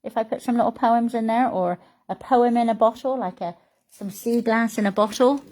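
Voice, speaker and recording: Woman, middle-aged, mellow warm tone, casual heartfelt vlog chat, reads poems aloud. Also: a little high, normal speed. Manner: heartfelt, chatty and rambling. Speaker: vlogger.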